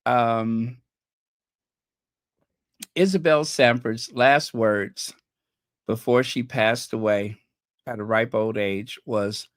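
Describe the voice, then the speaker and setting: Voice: mid-range voice, slow pace, long pauses, no echo, studio quality. A channel host chatting casually with viewers, teasing and gossipy, often trailing off while searching for names and laughing at their own jokes. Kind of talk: casual livestream chat.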